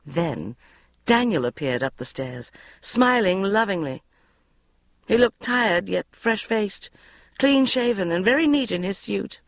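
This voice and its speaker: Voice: medium pitch, lively intonation, a little slow, dry recording. A narrator reading a comic novel aloud in the first person, with a wry, knowing storytelling manner. The voice swoops up and down a great deal. It is recorded close and dry. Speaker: audiobook narrator.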